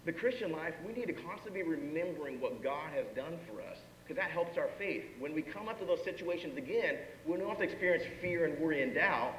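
Pastor, male, talkative preaching with rhetorical questions, slightly higher voice, roomy hall with faint background noise. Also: expressive, fairly quick, few pauses, a bit bright. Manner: conversational, with rhetorical questions and acted-out asides. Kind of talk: sermon. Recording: echoey hall, dull sound, faint room noise.

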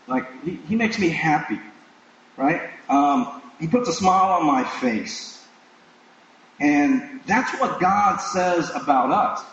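A man's voice: fairly high pitch, animated, takes it slowly, fairly bright tone, a little hiss or hum. A man preaching a sermon in a conversational way, with frequent fillers and restarts. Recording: distant mic in an echoey room, dull sound.

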